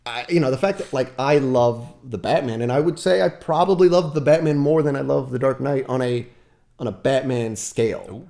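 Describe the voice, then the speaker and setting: A man's voice: medium pitch, moderate pace, creaky, warm tone. A man chatting as a podcast guest, rambling and correcting himself as he talks enthusiastically. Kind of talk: casual chat.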